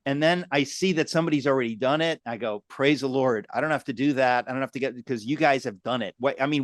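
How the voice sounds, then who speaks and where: A man's voice: mid-range voice, dry recording, clean studio sound. Exclamatory male interview host. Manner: exclamatory, addresses viewers directly. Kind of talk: conversational interview.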